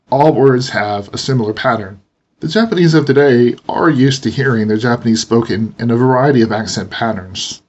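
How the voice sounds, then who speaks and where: A man teaching a language lesson, explaining pronunciation slowly and deliberately. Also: mid-range voice, slightly rough, muffled recording. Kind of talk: instructional narration.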